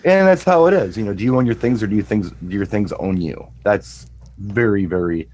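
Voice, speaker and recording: A man's voice: on the low side, fairly quick, darkish tone, poor audio. A middle-aged man and co-host, chatting casually and telling a rambling anecdote, often repeating words as he restarts. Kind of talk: casual chat, storytelling.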